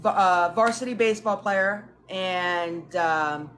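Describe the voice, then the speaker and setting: Animated woman telling family stories. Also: fairly low pitch, slow pace, a little hiss or hum. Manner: animated, acts out family quotes. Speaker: guest. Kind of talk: casual storytelling chat.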